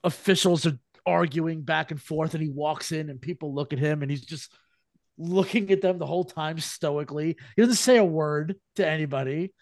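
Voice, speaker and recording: A man co-hosting a podcast, telling a story in a casual, lively way and slipping into silly mock accents. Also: on the high side, normal speed, no echo, clean studio sound. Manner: animated storyteller, slips into mock British voices. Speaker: podcast co-host. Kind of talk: casual chat.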